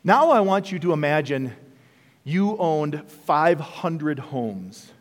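Male pastor, fairly high voice, expressive sermon delivery, echoing hall sound. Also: takes it slowly. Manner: animated, rhetorical questions to the congregation. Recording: long reverb of a large hall.

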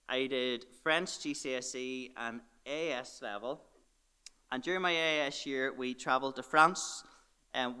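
A man's voice: on the high side, pushed and bright, smooth. A young man preaching a sermon, earnest and explanatory, dropping his voice for emphasis.

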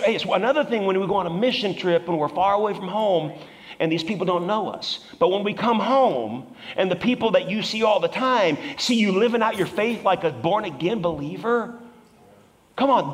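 Fervent high-voiced male pastor preaching. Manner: fervent, rising to shouts, dropping to hushed asides. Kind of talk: sermon. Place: large church auditorium. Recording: reverberant hall.

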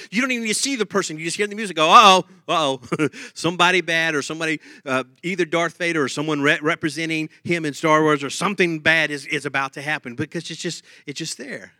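A man delivers a lively sermon, humming tunes and laughing between points. His voice sits a little high and sounds bright and forceful. The recording is close and dry. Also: no room sound. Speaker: preacher.

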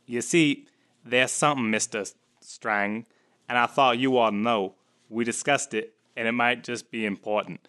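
A man's voice: mid-range voice, steady tone, normal speed, sharp tone. A man performing in a comedic improv scene, flustered and self-deprecating as he struggles with the lines.

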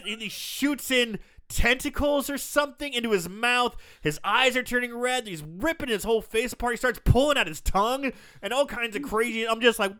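This man has a high, bright voice that swings up and down a lot. He retells film scenes casually, swears freely and laughs as he goes. It is a loose, animated hosting style. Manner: animated, profane, laughing storyteller. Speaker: podcast host. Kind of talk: casual chat.

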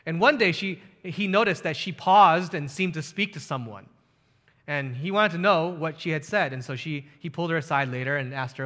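A man's voice: a little high, moderate pace, pushed and bright, long reverb tail. A man in his thirties preaching a sermon as pastor, telling a story earnestly and building to emphatic rhetorical questions.

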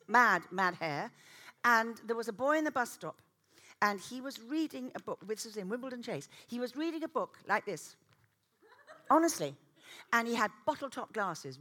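A middle-aged woman preaching a sermon, animated and self-mocking, often laughing as she tells stories. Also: on the high side.

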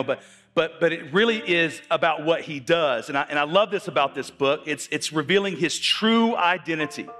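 A man's voice: a little high, pushed and bright. A man preaching a sermon, checking in with his listeners and restarting phrases as he goes. His voice carries a long reverb, as if in a church hall. Faint music sits underneath. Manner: repeats words, asks the audience questions.

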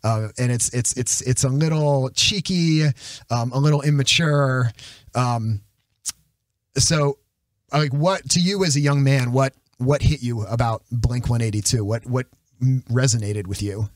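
A man's voice: mid-range voice, unhurried, no echo. A man hosting a casual podcast chat, talking loosely with fillers and asking questions. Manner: chatty, sings lines to illustrate. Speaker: podcast host.

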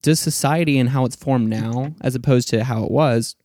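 A man's voice: medium pitch, normal speed, a little mellow. A man hosting an interview, asking loose, rambling questions with plenty of fillers. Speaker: host. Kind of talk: casual interview chat.

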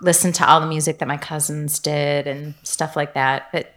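A woman's voice: low voice, little pitch movement, normal speed, a bit bright. A woman raised in the United States, chatting casually as a podcast guest and telling stories with fillers and laughs.

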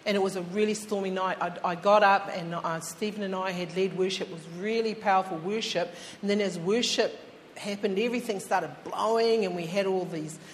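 A woman's voice: mid-range voice, fairly even intonation, a little fast. A woman preaching a sermon in a chatty storytelling way, speaking straight to her listeners. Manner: chatty, addresses listeners directly. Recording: long hall reverb, faint background hum.

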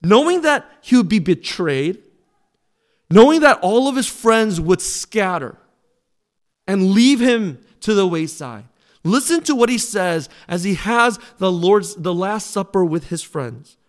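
A middle-aged pastor preaching an earnest, pleading sermon in a fairly high voice. He pushes louder on the phrases he wants to land and leans into direct questions to his listeners. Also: lively intonation, unhurried. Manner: drops to a soft, low close in prayer.

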